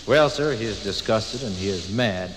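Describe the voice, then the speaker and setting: A man's voice: on the low side, moderate pace, long reverb tail, noisy background. A man narrating a children's tale in a homespun, yarn-spinning way. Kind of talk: folksy storytelling.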